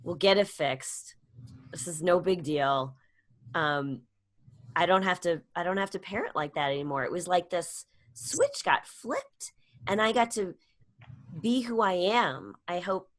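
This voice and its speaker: A middle-aged woman, a comedian and speaker, telling a personal story in a casual interview, acting out quoted lines with sudden high-voiced jumps. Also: measured pace. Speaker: guest, comedian and public speaker.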